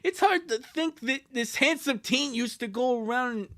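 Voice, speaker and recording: A woman's voice: high-pitched, expressive, measured pace, a bit bright, pitched above the performer's own voice. A woman doing a teasing, bossy older sister. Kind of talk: live fan dub reading.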